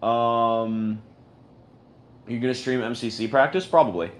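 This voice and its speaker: Slow-talking man in rambling, ironic chat. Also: medium pitch, fairly even intonation. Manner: rambling, ironic and self-mocking. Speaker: host of an audio chat room. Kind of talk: casual chat.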